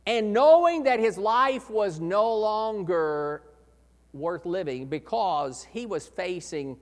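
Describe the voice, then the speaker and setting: A man preaching a sermon as pastor, earnest, swelling to loud emphasis and dropping low again. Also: animated, takes it slowly. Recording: echoey hall reverb.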